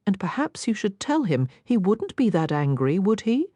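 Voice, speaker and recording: A woman voicing a calm, steady young woman who speaks softly. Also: medium pitch, normal speed, no echo, voice pushed up. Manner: calm, soft-spoken.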